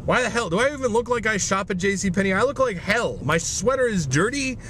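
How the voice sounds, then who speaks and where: A young man with a high voice vents his anger from the driver's seat, swearing freely. The rant is filmed on a camera inside his car, with a faint hum of road noise underneath. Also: expressive, a little fast. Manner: angry ranting with swearing. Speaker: vlogger. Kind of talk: ranting vlog.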